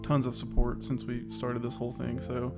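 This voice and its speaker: Delivering his lines completely flat at a moderate pace, this mid-range-voiced man co-hosts an informal online chat show over music. He rambles, stays upbeat and self-aware, and sounds slightly winded.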